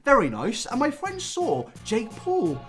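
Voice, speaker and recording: A man doing comedic commentary straight to camera. His pitch swings widely as he jokes and mocks himself, with faint music underneath. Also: wildly swooping pitch, unhurried, fairly bright tone. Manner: self-mocking, jokey, sarcastic asides. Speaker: YouTube commentator.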